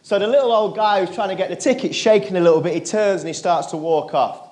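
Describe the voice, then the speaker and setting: A man giving a motivational keynote, telling a personal story to a live audience and turning quiet in the emotional moments. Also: sits high, fast talker. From England. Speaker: motivational speaker. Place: conference stage.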